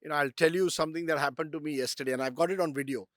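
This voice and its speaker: Middle-aged Indian English man, high voice, dry close sound, lively anecdotal storyteller on stage. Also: racing, no echo. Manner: anecdotal, animated, slips into Hindi phrases. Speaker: guest speaker.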